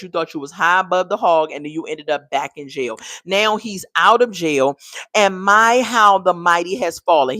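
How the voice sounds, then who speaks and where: A woman's voice: on the low side, a bit bright, no echo, clean studio sound. A woman giving a casual, sassy and exasperated video review, talking straight to her viewers. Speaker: TV show reviewer.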